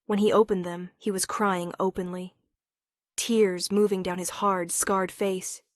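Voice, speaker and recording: A woman narrating a first-person romance story in an emotional, measured way. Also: mid-range voice, level tone, no echo, studio quality.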